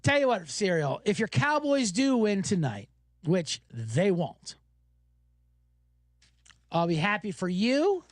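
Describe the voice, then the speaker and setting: A man hosting a podcast, telling stories in an animated, profane casual rant. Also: sits high, slow pace, long pauses, no echo, studio quality. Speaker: podcast host.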